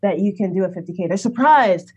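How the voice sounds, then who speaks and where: A woman speaking as an interview guest, talking in an animated way and laughing often. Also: a little fast, slightly rough, dull audio. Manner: animated, acts out quoted people with big pitch jumps, laughs often. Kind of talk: conversational interview.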